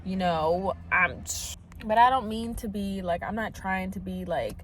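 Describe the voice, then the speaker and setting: A woman's voice: medium pitch, unhurried, a little hiss or hum. A woman vlogging as a stay-at-home mom, chatting casually, preaching a little and venting, from a parked truck. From Latina, US. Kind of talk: casual vlog chat.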